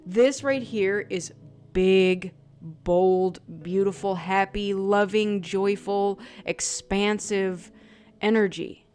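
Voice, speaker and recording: Woman tarot reader, unhurried, effusive, mid-pitched, faint background music. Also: a little mellow. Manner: effusive and emotional, many "like" fillers. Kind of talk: intuitive tarot reading vlog.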